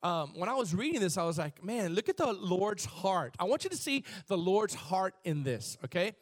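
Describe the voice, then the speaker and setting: A man's voice: high-pitched, sing-song, moderate pace. A man preaching a sermon, reading scripture aloud and calling on the congregation to respond, with bursts of emphasis. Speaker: pastor.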